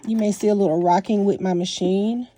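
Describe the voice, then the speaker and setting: A woman's voice: medium pitch, fairly even intonation, brisk, dark tone. A woman hosting a casual sewing tutorial at home, chatty and folksy with apologetic asides, a little sniffly, recorded on a phone by her sewing machine. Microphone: phone mounted near sewing machine.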